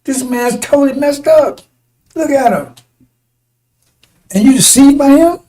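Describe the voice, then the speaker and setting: Man, preacher, high-pitched, combative, rambling, repeats "see?". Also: measured pace, mellow, low-quality recording. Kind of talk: fiery preaching broadcast.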